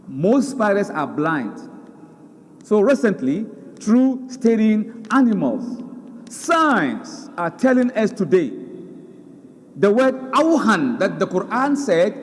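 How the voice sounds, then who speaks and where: A man preaching a sermon, animated, reciting Arabic verses and repeating words for emphasis. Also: sits high, takes it slowly, in a large hall. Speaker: Islamic preacher.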